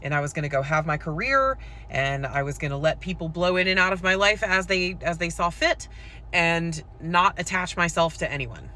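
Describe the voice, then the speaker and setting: A poet and content creator with school-age children tells a personal story to camera. She speaks at a moderate pace in a lowish voice with a sharp tone, frank and conversational, with plenty of "like" and "um".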